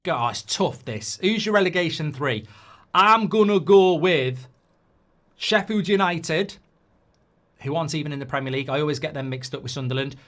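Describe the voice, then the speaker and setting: Rambling football pundit, higher voice. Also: male voice, lively intonation, normal speed, fairly bright tone. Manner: rambling, self-interrupting, jokey asides. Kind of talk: casual football predictions chat.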